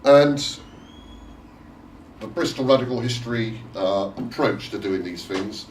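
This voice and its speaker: A man's voice: lowish voice, a little slow. A man giving a chatty, loosely structured history talk, with frequent fillers and restarts. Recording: echoey room, distant mic, faint noise.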